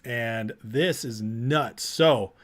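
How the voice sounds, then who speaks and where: A man hosting a casual livestream, greeting viewers by name and talking through the news with energetic asides. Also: medium pitch. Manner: energetic, shouting out chat names, rapid asides. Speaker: political commentary livestream host.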